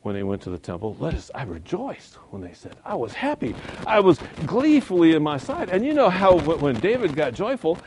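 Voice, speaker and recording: A man's voice: fairly high pitch, wildly swooping pitch, a little fast, hardly any pauses, a little mellow, slight background noise. Folksy man teaching a church Bible lesson. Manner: conversational, folksy, chuckles at own points. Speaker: Sunday school teacher.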